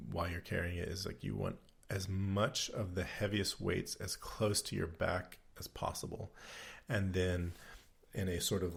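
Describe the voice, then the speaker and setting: Gravelly, husky low-voiced man. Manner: rambling, many fillers and restarts. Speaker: podcast co-host. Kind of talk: casual chat.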